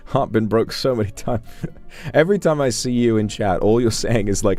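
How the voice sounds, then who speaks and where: A man reads viewer messages aloud on a live stream and answers them in a casual, teasing, affectionate way. His voice sits very low and sounds dark and mellow. Soft music plays faintly behind him. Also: expressive, normal speed. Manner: playful, teasing, affectionate with chat. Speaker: streamer reading superchats. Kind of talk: casual livestream chat.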